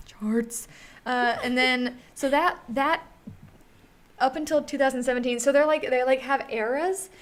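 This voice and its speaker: A young woman co-hosts a casual podcast, talking in a slightly high voice. She rambles and laughs at her own slips. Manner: rambling, self-deprecating, giggly. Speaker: podcast co-host. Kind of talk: casual chat.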